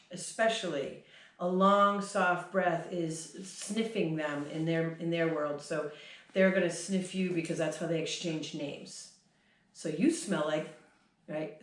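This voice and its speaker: A woman horse trainer explaining breathing signals at a clinic, chatty, breaking off to sigh and huff out demonstrations. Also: on the low side. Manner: demonstrates breath sounds, sighs and huffs, chatty. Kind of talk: explaining at a workshop. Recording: echoey hall, mic far off.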